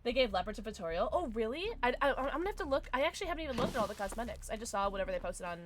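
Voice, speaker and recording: A woman streaming a game live, chatting excitedly with viewers and her teammates and calling people love. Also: a little high, racing, background noise. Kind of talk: live gameplay commentary.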